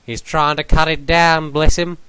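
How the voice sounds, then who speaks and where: A man's voice: a little high, flat delivery, a little slow, sharp tone, dry recording, pitched above the performer's own voice. A man voicing a fond, proud mother kangaroo in a storybook parody, doting in manner. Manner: doting and smooth.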